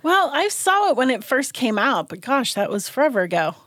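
A woman's voice: sits high, sing-song, fairly quick, a bit bright, no room sound, clean studio sound. A middle-aged woman co-hosting a podcast in casual chat, upbeat and encouraging. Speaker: podcast co-host.

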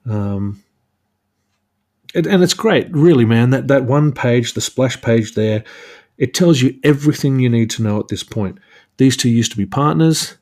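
A man's voice: mid-range voice, normal speed, a little mellow. A man hosting a solo podcast, chatting casually about a comic book with lots of fillers and restarts. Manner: rambling, many fillers and restarts. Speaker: podcast host.

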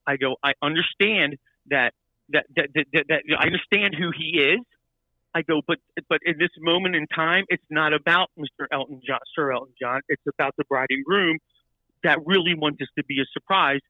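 A man telling a story in casual chat, animated and full of restarts and repeated words. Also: fairly high pitch, moderate pace, no room sound, phone-quality sound.

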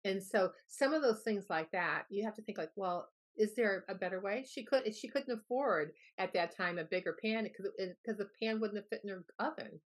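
A woman's voice: medium pitch, a little fast, few pauses. A woman guest in a casual interview, a rambling storyteller who acts out the voices in her anecdotes. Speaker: guest health expert.

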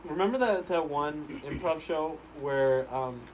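A young man in playful casual chat who bursts into loud laughs. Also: on the high side, unhurried, a little hiss or hum, poor audio.

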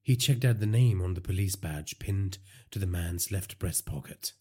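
A man narrating a crime audiobook in a measured, dramatic storytelling manner. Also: sits low, darkish tone, breathy edge.

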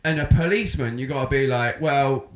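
A man co-hosting a podcast, rambling in casual chat and slipping into loud impressions. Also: on the high side, brisk, echoey room, a little hiss or hum. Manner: rambling, animated, breaks into shouted impressions. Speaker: podcast co-host.

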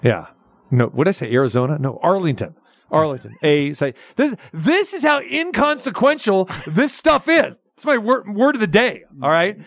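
A man's voice: high voice, sing-song, normal speed, creaky, dry recording. A man hosting a sports radio show, ranting with sarcastic asides. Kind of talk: casual sports talk radio rant.

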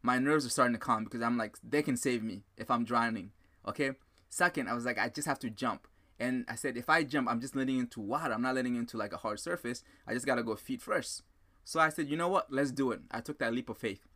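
Excitable man telling a story. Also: medium pitch, fast. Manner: animated, excitable, repeats himself, addresses listeners as guys. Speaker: podcast host. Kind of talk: motivational storytelling monologue.

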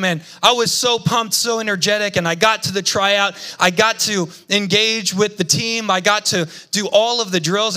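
A young adult man preaching a sermon as pastor, telling lively personal stories and calling out to the congregation. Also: sits high. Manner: lively storytelling with congregation call-outs. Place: church.

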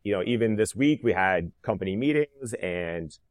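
Guest in his thirties with a deep voice, recorded close and dry. He reenacts conversations in a casual storytelling way. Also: normal speed, no room sound. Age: 30s. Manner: animated, reenacts dialogue, frequent "like" fillers. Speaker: interview guest, cancer survivor.

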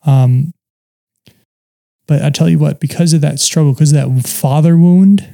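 A man sharing a painful personal story in conversation, halting and reflective, with many pauses and fillers. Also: fairly high pitch, fairly even intonation, creaky, dark tone. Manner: earnest and open about painful memories.

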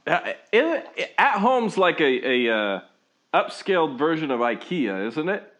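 A man co-hosts a podcast in a relaxed, joking manner. His voice is slightly high, and his pitch moves freely and brightly as he talks. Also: measured pace, muffled recording. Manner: laid-back, joking. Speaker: podcast co-host. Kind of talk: casual chat.

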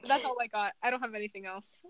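A woman's voice: on the high side, fast, fairly bright tone. A young woman co-hosting an advice podcast, teasing playfully and echoing her co-host's words back. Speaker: podcast co-host. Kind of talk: casual playful chat.

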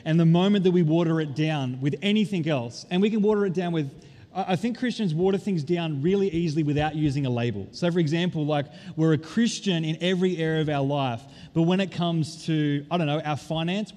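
A man's voice: on the high side, warm tone. Emphatic male pastor in echoing hall. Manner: emphatic, stretching key words slowly. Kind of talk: sermon. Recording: long reverb of a large hall.

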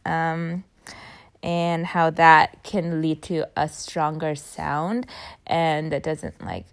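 A woman's voice: low voice, extremely slow, vocal fry. A young woman casually recounting a voice workshop, rambling with many fillers and unfinished phrases.

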